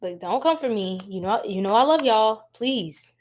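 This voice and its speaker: A young woman hosting a casual tarot-reading livestream, chatty and quick to laugh, talking straight to her chat. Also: on the high side, expressive, a little mellow. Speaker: tarot reader, livestream host.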